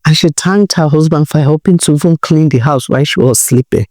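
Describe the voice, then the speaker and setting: A woman narrating a folk tale in a conversational, expressive way. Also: low-pitched, a little fast, no echo, studio quality. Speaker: storyteller.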